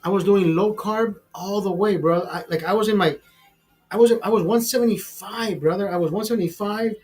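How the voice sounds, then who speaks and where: A man's voice: high voice, fairly quick, faint music behind. A man in his fifties hosting a show, telling a rambling, profane story full of repeated words and restarts. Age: 50s. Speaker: show host. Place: streaming studio.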